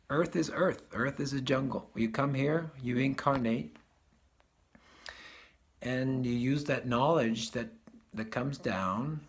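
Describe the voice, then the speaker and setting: A man giving a casual spiritual talk as a teacher, often restarting phrases and chuckling at his own points. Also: medium pitch.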